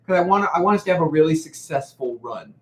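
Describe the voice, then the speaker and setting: A man's voice: fairly high pitch, quick pace. A young man leading a choir rehearsal, counting in the singers, singing lines to demonstrate and explaining the music. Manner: animated, counts in and sings demonstrations. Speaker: choir director. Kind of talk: choral rehearsal instruction. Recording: echoey room with piano.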